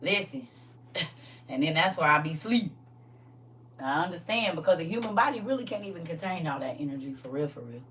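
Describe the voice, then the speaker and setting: Woman w/ preaching on a livestream, kinda low voice, a bit far from the mic, faint hum. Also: expressive, a little fast, a bit bright. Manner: folksy, emphatic, repeats "listen" and "y'all". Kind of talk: live-stream preaching, reading comments.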